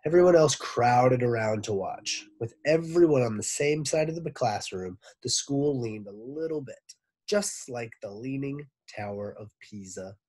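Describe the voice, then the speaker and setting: A man, a teacher, reading a children's book aloud with expressive narration. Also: mid-range voice, a little slow. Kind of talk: storybook read-aloud.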